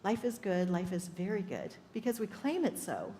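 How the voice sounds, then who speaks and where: A woman's voice: medium pitch, huge pitch swings, moderate pace, warm tone, a little hiss or hum. A woman minister giving an upbeat sermon, telling stories and laughing often. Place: church sanctuary. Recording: echoey hall with faint ambience.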